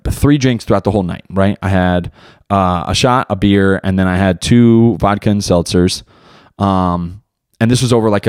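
A man's voice: lowish voice, darkish tone, smooth, no echo, clean studio sound. A young man hosting his own podcast in casual solo talk, loose and rambling, heavy on slang and swearing. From United States. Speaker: podcast host and beginner stand-up comic.

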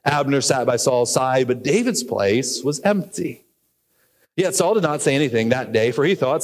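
A pastor preaching a sermon, telling the story earnestly and asking questions of the congregation. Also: male voice, mid-range voice, animated, moderate pace. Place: church sanctuary. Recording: reverberant church hall.

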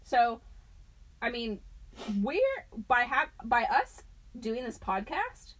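A woman's voice: a little high, animated, takes it slowly, fairly bright tone, rough recording. A young woman co-hosting a podcast, chatting casually, laughing often and swearing freely. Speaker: podcast co-host. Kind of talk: casual chat.

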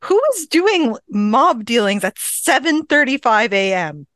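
A woman's voice: fairly high pitch, sing-song, a little slow, a bit bright, no echo. A woman on a podcast, adding wry, teasing comments while talking over a movie. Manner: wry, teasing short remarks. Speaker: podcast co-host. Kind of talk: casual movie recap chat.

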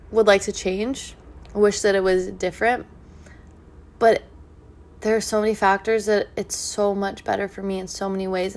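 A woman speaking in an earnest, reflective monologue about healing, repeating gentle affirmations. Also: medium pitch. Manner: soft, earnest, repetitive affirmations. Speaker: spiritual speaker.

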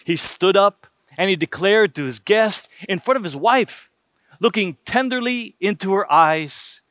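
A man's voice: high-pitched, lively intonation, measured pace, fairly bright tone, no echo, studio quality. A man preaching a sermon emphatically, using rhetorical questions and numbered points.

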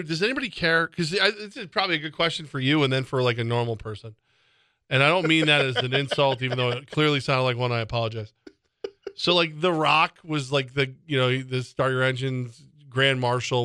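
Bright-voiced middle-aged man chatting about sports. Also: mid-range voice, clear, resonant tone, dry recording, studio quality. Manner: rambling, joking, with restarts. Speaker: sports radio co-host. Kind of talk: casual sports talk.

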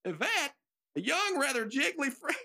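A woman's voice: high voice, sing-song, normal speed, pushed and bright. A nervous woman narrating stage directions for an amateur radio drama, giggling and making joking asides.

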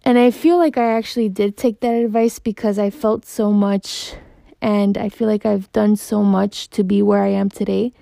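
A young woman hosting a podcast, speaking in a slow, heartfelt and emotional way about her own life. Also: medium pitch, fairly even intonation, vocal fry, mellow, dry recording, clean studio sound. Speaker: podcast host. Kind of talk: reflective personal podcast monologue.

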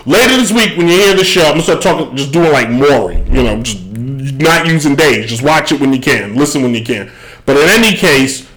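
A man's voice: mid-range voice, animated, fairly quick, a bit bright, rough recording. A man hosting a casual live sports talk show, rambling, digressing, correcting himself mid-sentence and chuckling.

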